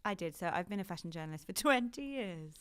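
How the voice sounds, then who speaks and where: A British woman in her thirties talks in a low, deep register as a podcast guest. She is chatty and animated and often laughs as she talks. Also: fast, clear, resonant tone. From Britain. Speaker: podcast guest, fashion journalist. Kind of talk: casual interview chat.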